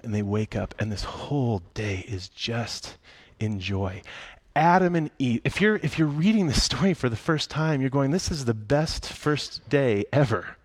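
A man preaches in a relaxed, conversational manner, mixing humor into his storytelling. His voice sits at a middle pitch. The recording is dry and close, with no room echo. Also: normal speed. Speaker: pastor. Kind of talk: sermon.

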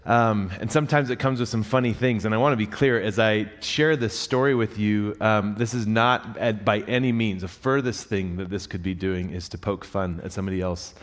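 A young man on a church staff giving a sermon, moving from a slow scripture reading into a rambling, self-mocking personal story. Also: fairly low pitch, steady tone. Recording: long reverb of a large hall.

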